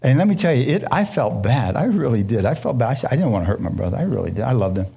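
A man's voice: medium pitch, sing-song, fast talker, gravelly, mellow, slightly rough. A man preaching a sermon as pastor, telling stories and putting questions to his audience.

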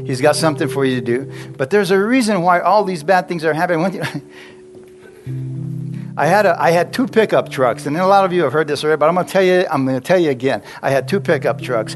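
Male preacher, storytelling sermon, conversational and jokey, slightly higher voice. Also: fast talker, faint music behind. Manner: chatty, laughs often, asks the congregation questions. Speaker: pastor.

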